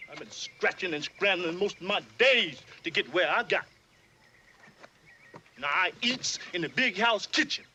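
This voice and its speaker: A man's voice: high-pitched, lively intonation, unhurried, sharp tone, slight background noise, heavily acted. An actor with a Southern accent playing an older enslaved fiddler who fawns over his master and scolds a newcomer in a drawling dialect. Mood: stern. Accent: American Southern. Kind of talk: period film drama.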